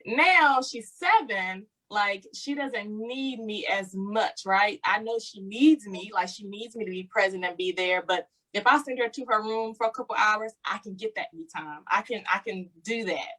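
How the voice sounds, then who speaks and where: A woman's voice: mid-range voice, moderate pace, few pauses, pushed and bright, rough recording. A woman speaking in a reflective, conversational way on a casual chat panel about motherhood.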